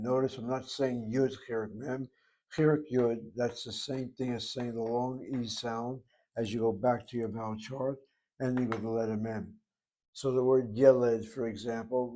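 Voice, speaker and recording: A Hebrew teacher with a warm, medium-pitched voice gives a classroom lecture on Hebrew grammar. He methodically spells out vowels and letters at the board.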